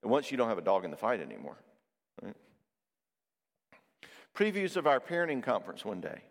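A man with a drawl telling marriage-counseling stories to a crowd. His voice swings widely in pitch as he acts out both sides of each conversation. It is recorded with a long hall reverb. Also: wildly swooping pitch, fairly quick, a little hiss or hum. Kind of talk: conversational Christian talk with stories.

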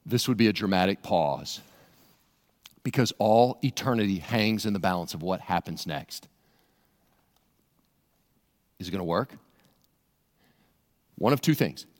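A pastor preaching an expressive, dramatic sermon full of rhetorical questions in a church. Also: male voice, on the high side. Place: church sanctuary. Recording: long church reverb.

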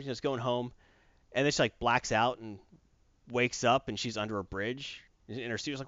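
A man co-hosting a casual chat, telling a story in an animated way and acting out characters. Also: mid-range voice, a little fast, no echo, muffled recording. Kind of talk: casual comic book chat.

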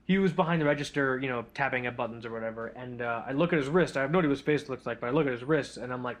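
A man's voice: mid-range voice, very fast, few pauses. A man co-hosting a casual podcast chat, telling a rambling, profane, self-deprecating story. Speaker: podcast co-host.

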